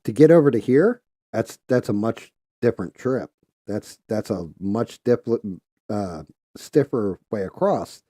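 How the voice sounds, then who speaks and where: A man's voice: lowish voice, animated, measured pace, dark tone, no echo, studio quality. Heated, profane man ranting. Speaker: podcast host. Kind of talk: casual podcast rant.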